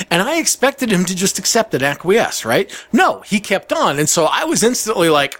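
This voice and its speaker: A man with a fairly high voice swings his pitch widely as he tells a story in casual chat. He is profane and animated, and he acts out the voices of the people he quotes. His pitch leaps up and drops low as he laughs his way through it. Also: normal speed, hardly any pauses.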